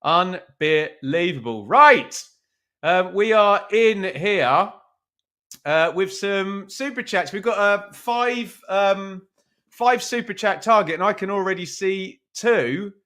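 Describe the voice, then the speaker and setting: A man hosts a football watch-along live stream from his room at home. His voice sits a little higher than most men's, and he talks in a chatty, self-mocking way, reading out viewers' names. The sound is picked up at his computer. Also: lively intonation, slow, fairly bright tone. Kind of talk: casual live-stream chat. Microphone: webcam stream at his computer.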